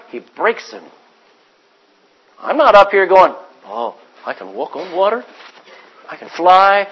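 Animated high-voiced preacher. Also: male voice, husky, lo-fi sound. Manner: preaching with dramatic swings in volume, from hushed asides to loud acted-out quotes. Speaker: pastor. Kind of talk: sermon.

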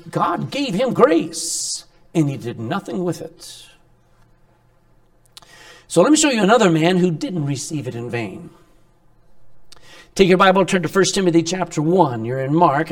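A man delivers a sermon in a fairly high voice that leaps up and down as he preaches. He swings from loud, pressing emphasis to quiet asides and keeps throwing rhetorical questions at the congregation.

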